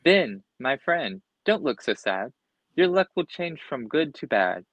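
A man voicing a cheery little green bear that speaks in slow sing-song rhymes, reading a storybook aloud. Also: mid-range voice, big pitch swings, fairly bright tone, no room sound, lo-fi sound, pitched above the performer's own voice.

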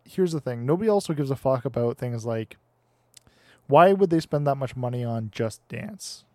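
A man's voice: medium pitch, animated, normal speed, no echo, studio quality. A man co-hosting a casual podcast who rambles, swears freely and gets distracted. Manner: rambling, profane, easily distracted. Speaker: podcast co-host.

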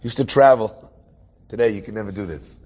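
A man's voice: lowish voice, brisk, a little mellow. A man from the New Jersey area telling an inspirational personal story, full of humorous, self-mocking asides.

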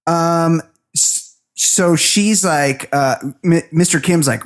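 A man co-hosting a comedy podcast, recapping a movie scene by scene in a loose, rambling way. He breaks into quick put-on voices for the characters as he goes. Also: fairly high pitch. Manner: rambling retelling, acting out characters' lines. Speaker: podcast co-host.

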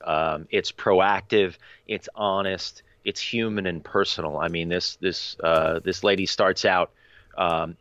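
Low-voiced man on a dull, dry line. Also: a bit bright, no echo. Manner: earnest and opinionated, many fillers. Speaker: podcast co-host. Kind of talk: casual podcast discussion.

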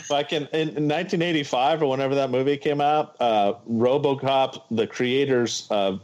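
A man's voice: mid-range voice, fairly even intonation, normal speed, a little mellow, muffled recording. A man co-hosting a comedy podcast, telling a rambling story in casual chat and pushing to make his point. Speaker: podcast co-host.

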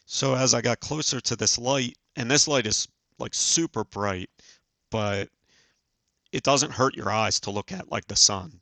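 A man in his forties, a podcast guest, telling a personal story in an earnest, halting way with many fillers. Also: medium pitch, bright, forceful tone, dry recording. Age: 40s. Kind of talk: casual storytelling.

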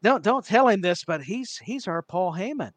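A man's voice: sits high, expressive, normal speed, dry recording. A man co-hosting a wrestling podcast in casual, self-mocking chat with lots of restarts. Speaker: podcast co-host.

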